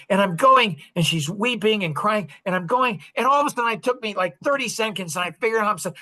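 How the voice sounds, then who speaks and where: A man's voice: high-pitched, normal speed, bright, forceful tone. Rambling middle-aged man telling a story. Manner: rambling, repeats words, many fillers. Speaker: podcast guest storyteller. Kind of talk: animated personal storytelling.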